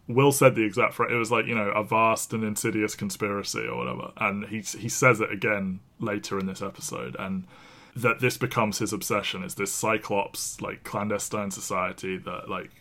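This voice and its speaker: A man co-hosting a podcast in casual chat, animated, swearing and laughing often. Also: fairly low pitch. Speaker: podcast co-host.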